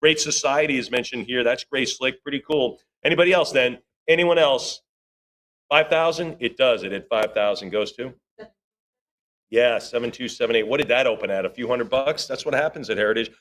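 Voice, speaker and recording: A man working as auctioneer, calling bids rapidly in a live auction and breaking off for chatty asides to bidders and staff. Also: mid-range voice, a bit bright. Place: auction room.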